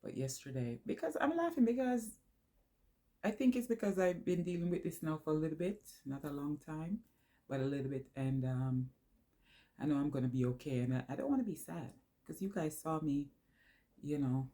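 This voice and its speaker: A woman's voice: sits low, expressive, moderate pace, dark tone. A woman vlogger telling a personal story to her phone camera, rambling and losing her train of thought along the way.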